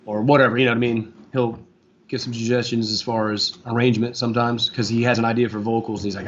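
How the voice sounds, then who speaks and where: A man in his forties from Florida, a guest guitarist in a casual interview, talking in a relaxed, rambling way with lots of fillers. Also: medium pitch, fast, slight background noise. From Florida, USA. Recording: dull lo-fi sound.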